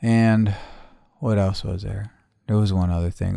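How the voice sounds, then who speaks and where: A man hosting a casual podcast chat, swearing freely and swinging between quiet reflection and loud ranting. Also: fairly low pitch, steady tone, measured pace, gravelly, long pauses, no room sound, clean studio sound. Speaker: podcast host.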